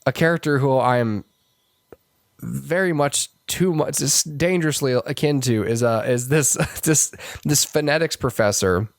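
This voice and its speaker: A man's voice: a little slow, no echo. A man chats through a classic film review on a podcast, stumbling over his words and circling back with fillers. His voice sits in a plain middle range. The sound is close and dry, with no room around it. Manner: rambling, many restarts and fillers, puts on high voices to quote characters. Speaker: podcast co-host. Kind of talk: casual movie review chat.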